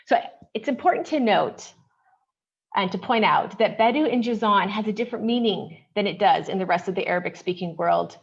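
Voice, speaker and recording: A woman researcher giving an academic paper presentation at a conference. She speaks in a measured, explanatory way and often opens her points with "okay". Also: mid-range voice, husky, lo-fi sound.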